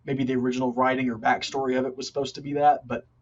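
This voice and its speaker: A man's voice: medium pitch, flat delivery, rapid-fire. A man co-hosting a podcast in casual chat, giving thoughtful, rambling opinions over a lo-fi recording. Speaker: podcast co-host.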